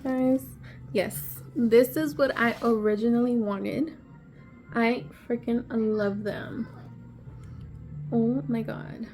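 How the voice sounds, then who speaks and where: A woman vlogger unboxing on camera, excitable and gushing, gasping often and sometimes dropping to a breathy whisper. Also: on the high side. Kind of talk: casual unboxing vlog.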